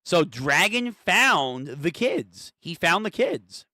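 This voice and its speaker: A man's voice: high-pitched, sing-song, slow, sharp tone, no echo, clean studio sound. A young man reacting live to a manga chapter, talking in a casual, profane way. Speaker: streamer.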